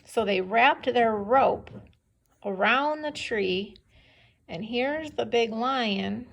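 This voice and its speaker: Speaking extremely slowly in a slightly high, creaky, fairly bright voice, a woman who teaches second grade reads a story to little kids. She patiently stops to question them and make sure they're following.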